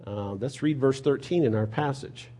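A man preaching a sermon in a conversational way, asking rhetorical questions and moving between quiet and loud delivery. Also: medium pitch, normal speed, slight background noise. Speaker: pastor.

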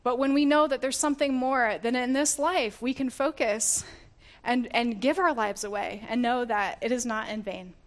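Earnest woman preaching, higher voice. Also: steady tone, normal speed. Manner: earnest, laughs often, self-correcting restarts. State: getting emotional. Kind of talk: sermon reading scripture.

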